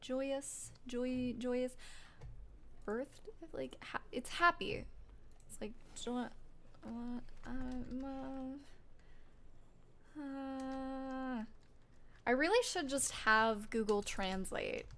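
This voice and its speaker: A woman's voice: sits high, extremely slow, pauses often, fairly bright tone, a little hiss or hum. A woman giving casual, self-deprecating let's play commentary. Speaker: game streamer.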